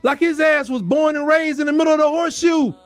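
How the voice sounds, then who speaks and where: Man, sports talk host, very high voice, heated rant, repeats himself for emphasis, faint music underneath. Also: fast, no room sound. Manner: fired-up, animated, repetitive emphasis.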